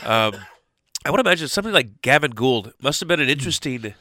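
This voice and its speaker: Host, man, bright edge, fumbles into questions, dry close mic. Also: mid-range voice, animated, quick pace, no echo. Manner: hesitant, filler-heavy questions. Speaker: radio show host. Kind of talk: casual interview questions.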